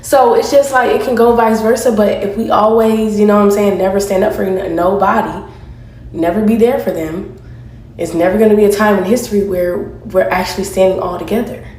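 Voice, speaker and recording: A woman's voice: mid-range voice, steady tone, brisk, a little mellow, reverberant, rough recording. A woman in a loose, rambling social media rant.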